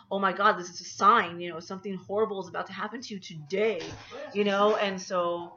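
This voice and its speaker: A woman's voice: mid-range voice, moderate pace, fairly bright tone, muffled recording, a little hiss or hum. A woman anxiety coach talking casually to camera in a personal vlog, rambling as she talks herself through her feelings.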